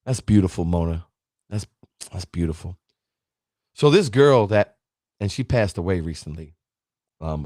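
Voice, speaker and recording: A man's voice: on the low side, dry recording, clean studio sound. A man hosting a motivational livestream, preaching about never quitting and greeting viewers by name, at times choked up. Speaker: livestream host. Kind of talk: motivational live stream talk.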